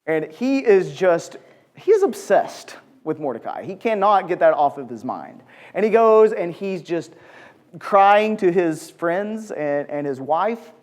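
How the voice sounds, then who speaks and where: In a large church room, a man leads a group through a conversational Bible lesson in a high-pitched, unhurried voice. His delivery is lively as he poses questions to the audience and performs the quotes he cites.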